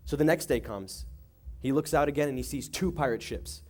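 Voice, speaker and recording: A man's voice: mid-range voice, a little fast, soft background music. A young man giving a youth sermon, telling a joke story with acted-out voices before praying and reading. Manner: animated storytelling, acting out voices. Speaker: youth pastor. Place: church youth service.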